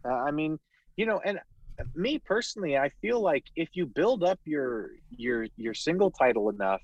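A man's voice: fairly high pitch, big pitch swings, moderate pace, dry recording, dull audio. Blunt, profane man, dry close sound. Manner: blunt, profane, opinionated with restarts. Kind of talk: casual wrestling chat.

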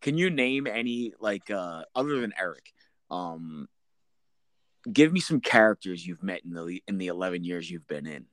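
A man's voice: sits low, expressive, moderate pace, a bit bright, no echo. A man in a casual chat, reminiscing about military service and prompting his friend for stories. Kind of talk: casual conversation.

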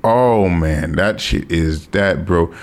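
A man's voice: deep voice, takes it slowly. An American man hosting a podcast, talking casually and bluntly on his own and swearing freely. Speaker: podcast host. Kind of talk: casual solo podcast talk.

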